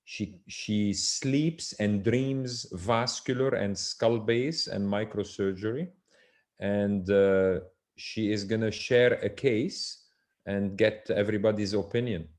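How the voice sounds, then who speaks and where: A man moderating a medical panel, introducing speakers and handing over questions in a courteous, unhurried way. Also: lowish voice, a little mellow.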